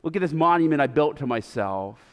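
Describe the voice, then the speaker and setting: A man voicing a proud, excitable male king who brags eagerly about himself, heard in a reverberant church sanctuary. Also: on the high side, fairly quick, pitched below the performer's own voice, natural voice. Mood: boastful. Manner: eager, self-congratulating, brash.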